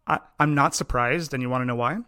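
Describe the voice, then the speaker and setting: A man from Long Island hosting an interview, talking like an excited fan with jokey asides. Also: medium pitch, clear, resonant tone, no echo, studio quality. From Long Island, New York. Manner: enthusiastic fan, rapid jokey delivery. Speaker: podcast host. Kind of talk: casual interview chat.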